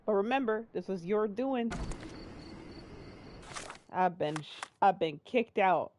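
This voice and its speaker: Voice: mid-range voice, expressive, takes it slowly, a little mellow, lo-fi sound, a little hiss or hum. Joking let's play commentator. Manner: joking, chatty. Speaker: game streamer.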